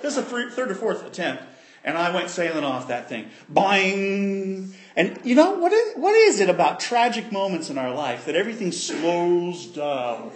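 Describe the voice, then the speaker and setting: A man preaching a sermon, telling a childhood story with animated voices and sound effects. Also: high voice, moderate pace. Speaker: pastor.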